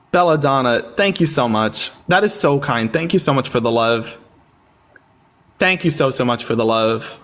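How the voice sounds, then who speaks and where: A man's voice: mid-range voice, animated, measured pace, fairly bright tone. A man hosting a live-stream debate, sarcastic and taunting with callers, thanking viewers in casual chat. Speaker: livestream debate host.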